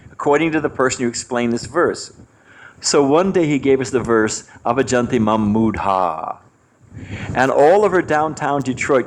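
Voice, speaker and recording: A man in his sixties giving a devotional class, an animated storyteller who swings his pitch and chuckles between points. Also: a little hiss or hum. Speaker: spiritual teacher.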